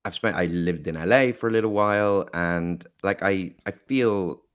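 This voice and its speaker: A man's voice: low voice, normal speed, clean tone. A man from Mexico, an actor, talking in a casual interview with a mostly English accent that has American touches, hesitant with many fillers. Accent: mixed, mostly English with American touches. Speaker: guest actor.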